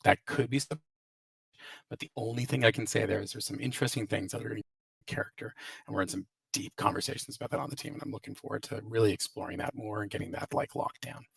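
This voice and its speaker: A man's voice: lowish voice, fast, vocal fry, fairly bright tone, no echo. A man hosting a casual Q&A as a game developer, hedging with many restarts and fillers, his audio glitchy and robotic. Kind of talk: casual live Q&A, reading out and answering questions. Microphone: voice chat call. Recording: dry, distant, robotic-sounding voice chat audio.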